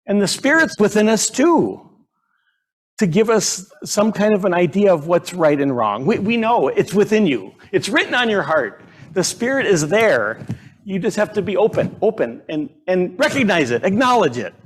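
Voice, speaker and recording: A middle-aged man preaching a sermon in a church, conversational and halting, with frequent fillers and restarts. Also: high-pitched. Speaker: pastor. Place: church sanctuary.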